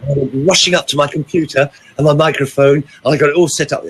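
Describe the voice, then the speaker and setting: A man who works as a vocal coach, telling a story in casual chat, with a lively, animated way of talking. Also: fairly high pitch, fast, slightly rough, rough recording.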